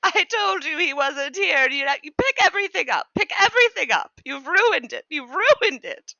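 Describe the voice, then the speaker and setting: A woman voicing a panicky, high-strung male servant who has no lower half, wailing and squealing in a tabletop game. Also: animated, normal speed, gravelly, pushed and bright, dry recording, muffled recording, full character voice. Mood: frantic.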